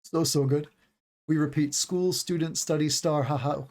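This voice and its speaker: A man's voice: fairly high pitch, steady tone, moderate pace, a little mellow. A man in his forties, an English teacher giving a casual livestream lesson, chatty and rambling, stretching out words to show stress and intonation. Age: 40s.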